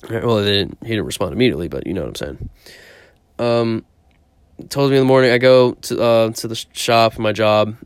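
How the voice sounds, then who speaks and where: A man's voice: lowish voice, brisk, clear, resonant tone, no room sound, studio quality. A young man casually telling a story about himself, rambling, swearing often and poking fun at himself. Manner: profane, rambling, self-mocking.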